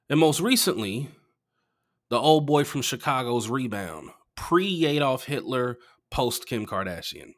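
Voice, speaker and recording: A man, a comedian, chatting casually on a podcast and telling profane, animated stories that jump into loud outbursts. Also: mid-range voice.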